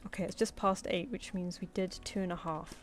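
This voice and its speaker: A woman's voice: on the low side, steady tone, brisk. A woman chatting casually with viewers while she draws on a live stream, rambling and laughing easily. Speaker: streaming artist. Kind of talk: casual chat while drawing.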